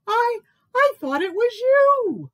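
Woman doing a squeaky, nervous little mouse. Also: sing-song, slow, fairly bright tone, no room sound, exaggerated voice. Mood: nervous squeak. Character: timid tiny male mouse, nervous and squeaky.

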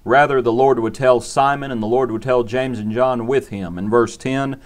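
A man's voice: mid-range voice, steady tone, normal speed. A man preaching a short devotional sermon in an earnest, repetitive cadence.

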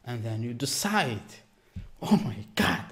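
A man from Algeria hosting a reaction video, talking excitedly in broken English with many exclamations. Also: mid-range voice, slow pace.

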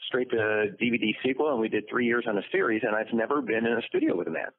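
A man voice actor telling lively stories in an interview, acting out the quotes. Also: fairly low pitch, fast, slight background noise. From United States. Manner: lively storyteller, acts out quotes. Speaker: voice actor guest. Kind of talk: interview anecdotes. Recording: dry phone-like line.

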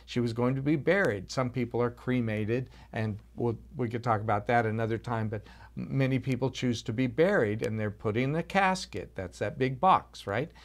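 A man telling a children's story at a church service, animated, with frequent restarts and questions to his young listeners. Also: mid-range voice, normal speed.

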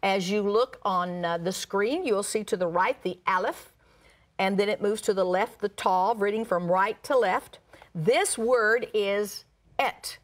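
A woman's voice: mid-range voice, a little slow. A woman pastor teaching the Bible, reading scripture aloud and explaining words, with frequent "uh" fillers. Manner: uses "uh" fillers.

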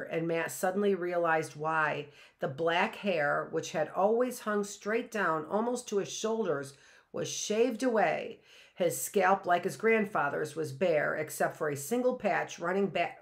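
Woman teacher reading a story aloud. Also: low voice.

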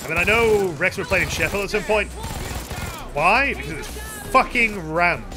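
A man's voice: high-pitched, animated, normal speed, over music. A man streaming a video game, chatting casually with viewers in a rambling way and swearing freely. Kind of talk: casual live-stream chat while gaming.

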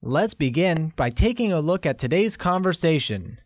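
A man narrating a scripted language lesson in a slow, deliberate and upbeat way, often pausing to praise the learner. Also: on the high side, big pitch swings, no echo. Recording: dry, dull lo-fi studio audio.

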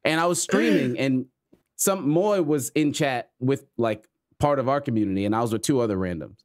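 A man's voice: medium pitch, normal speed. A man co-hosting a podcast, rambling casually through a self-deprecating gaming story with some swearing. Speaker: podcast co-host. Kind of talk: casual chat.

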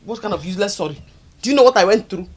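A woman's voice: medium pitch, expressive, very fast, darkish tone, slight background noise, close to an everyday voice. A woman playing a hot-tempered Nigerian village tailor. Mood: furious. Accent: Nigerian English. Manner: angry, confrontational, exclamatory.

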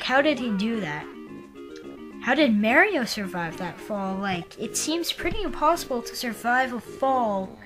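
A woman giving casual commentary on a video game, rambling and halting with lots of fillers. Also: on the high side, low-quality recording. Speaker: let's player.

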